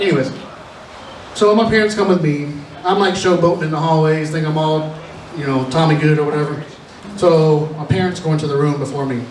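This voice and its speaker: The opening comedian at a live comedy show is a nervous young man with a slightly high voice, recorded from afar in an echoey room with a little background noise. He tells chatty, self-deprecating stories and keeps restarting them.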